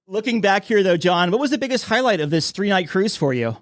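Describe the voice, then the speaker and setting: A man's voice: high-pitched, lively intonation, brisk, dry recording, studio quality. Chatty American man hosting a podcast. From United States. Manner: chatty, conversational questions with fillers. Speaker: podcast host. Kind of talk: casual interview, then ad read.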